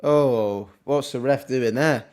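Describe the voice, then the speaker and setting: A young man, casually commentating on a football match live for his stream, with wry asides and quick reactions. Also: mid-range voice, a little mellow. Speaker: watchalong streamer.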